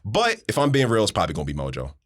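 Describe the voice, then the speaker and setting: A man co-hosting a casual podcast, excitable and slangy, saying bro and swearing often. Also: lowish voice, racing. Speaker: podcast co-host.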